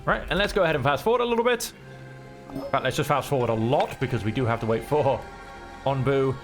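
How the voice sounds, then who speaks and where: A relaxed man talks through his game in an easy, chatty way, thinking aloud. His voice sits at a middle pitch. Faint music plays quietly underneath him. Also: fast. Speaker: gameplay streamer. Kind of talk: relaxed let's-play commentary.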